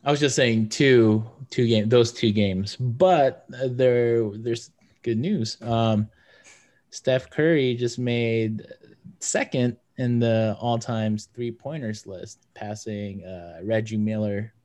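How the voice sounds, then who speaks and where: A man's voice: mid-range voice, fairly even intonation, takes it slowly, a little mellow. A young man co-hosting a casual sports podcast, talking loosely with many fillers. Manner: rambling, lots of fillers. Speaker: podcast co-host.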